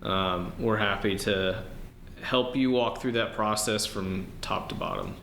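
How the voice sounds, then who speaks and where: Low-voiced man, hesitant, in a roomy space. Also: measured pace, gravelly. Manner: relaxed, hesitant, many ums and restarts. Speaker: podcast guest, real estate wholesaler. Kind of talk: casual interview answers. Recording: roomy with faint background noise.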